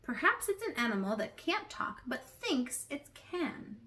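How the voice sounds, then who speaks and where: A woman voicing a cheeky talking donkey in a storybook reading, speaking brightly. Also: sits high, sing-song, measured pace, full character voice.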